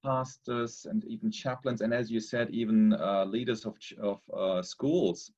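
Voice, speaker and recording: A man's voice: lowish voice, fairly even intonation, a little mellow. Hesitant man on a dull line. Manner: measured, hesitant, many fillers. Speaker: theology lecturer. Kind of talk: webinar discussion.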